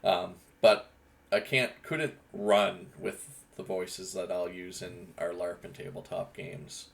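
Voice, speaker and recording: Gravelly man. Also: low voice, fairly even intonation, takes it slowly. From Eastern Canada. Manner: rambling, with frequent restarts and fillers. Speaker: gaming channel host. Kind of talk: casual monologue.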